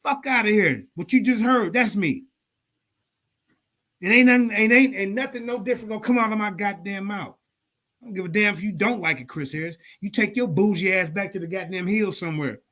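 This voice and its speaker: High pitched guy cussing out a rival on stream, loud and confrontational. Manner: profane, confrontational, fast-talking. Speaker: show host. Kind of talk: heated livestream rant.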